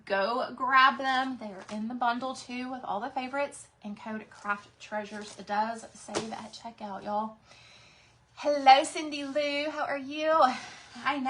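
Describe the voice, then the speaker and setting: A woman's voice: fairly high pitch, bright, forceful tone, a little hiss or hum. A woman with a Texas accent hosting a casual craft livestream from her craft room, chatting with viewers and greeting them by name.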